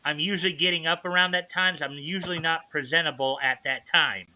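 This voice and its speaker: A man's voice: fairly high pitch, fairly even intonation, fast, crowd noise, low-quality recording. A man joining a casual stream chat, talking hesitantly and restarting his words. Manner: hesitant, stumbling over words.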